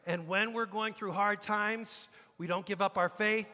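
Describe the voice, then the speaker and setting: A man preaching a sermon as pastor, emphatic, dropping to a hush and rising to loud peaks. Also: high-pitched, steady tone, a little slow. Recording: long reverb of a large hall.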